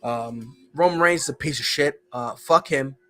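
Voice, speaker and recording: A man hosts a casual sports podcast, ranting and joking in animated bursts. His voice is bright and forceful, with a middle pitch. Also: normal speed. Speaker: podcast host.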